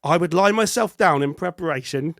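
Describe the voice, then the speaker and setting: A man with a high voice talks film on a podcast, animated and quick to laugh. He is recorded close and dry, with no room sound. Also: creaky, no room sound. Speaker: podcast co-host. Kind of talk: casual film review chat.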